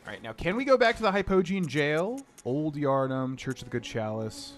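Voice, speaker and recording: A young man casually commenting while playing a game, chatty and rambling, with sudden excited outbursts. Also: a little high, brisk, faint music behind. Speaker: game streamer.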